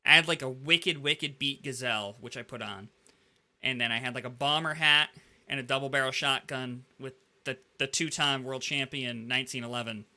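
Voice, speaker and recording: A man hosting a casual gaming podcast, telling animated stories and filling his talk with "like". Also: medium pitch, moderate pace. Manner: animated storyteller, heavy use of "like". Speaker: podcast host.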